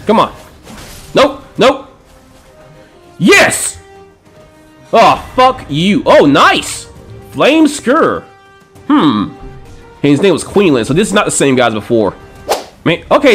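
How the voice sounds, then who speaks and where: A man giving excitable gameplay commentary, swearing and trash-talking enemies with frequent panicked outbursts. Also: sits high, slightly rough. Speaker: gaming channel host.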